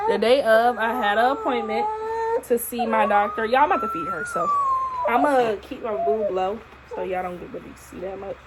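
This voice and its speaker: A young woman, a new mother casually telling her birth story to camera in an expressive, profane way. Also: on the high side, very noisy. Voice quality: expressive, profane, animated retelling. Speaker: vlogger, new mom. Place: at home holding her baby.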